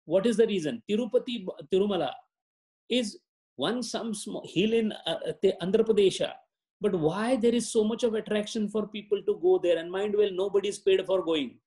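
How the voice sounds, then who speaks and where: A man, teaching yoga philosophy in a high, light voice. He explains slowly and deliberately and sounds out each Sanskrit term with care. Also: dark tone. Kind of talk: spiritual lecture.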